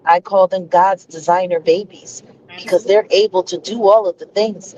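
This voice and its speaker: A woman's voice: lowish voice, steady tone, moderate pace, a little mellow. A woman speaking earnestly and insistently on a livestream, laying out her side of events. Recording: dull lo-fi stream audio.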